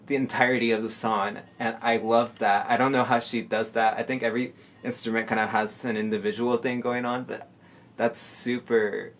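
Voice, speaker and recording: A soft-spoken man in casual reaction commentary, rambling with many fillers and sounding tired. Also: medium pitch, little pitch movement, moderate pace. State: tired from lack of sleep. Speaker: musician reacting to music. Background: faint music playing.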